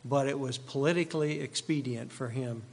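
A man's voice: medium pitch, normal speed, vocal fry, darkish tone, long reverb tail. A male pastor preaching an expository sermon, driving points home by repeating key phrases.

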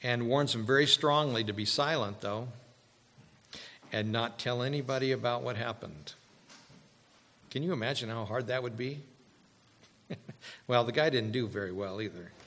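A man preaching a sermon as a pastor, slow and deliberate, with dramatic pauses and rising emphasis. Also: mid-range voice, sharp tone. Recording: long hall reverb.

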